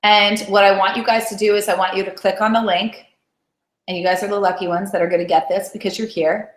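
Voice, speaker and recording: A woman's voice: medium pitch, level tone, fairly quick. Chatty woman coaching in an echoey room. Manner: chatty, encouraging, keeps asking "right?". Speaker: weight-loss coach. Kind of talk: motivational live coaching call. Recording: roomy echo.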